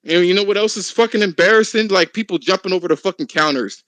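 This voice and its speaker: A man hosting a casual podcast chat, talking in an animated, profane, ranting way. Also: sits high, fast talker, dry recording, low-quality recording.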